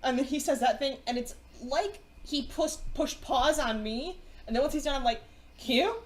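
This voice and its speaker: A woman's voice: high-pitched, normal speed, noisy background. A woman playing a tabletop role-playing game, rambling and stammering as she describes her character. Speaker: player. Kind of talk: tabletop role-play chat.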